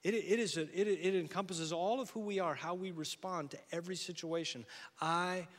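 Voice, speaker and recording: A male pastor preaching a sermon, moving between loud urgent emphasis and soft, hushed encouragement. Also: sits high, brisk, big-room sound.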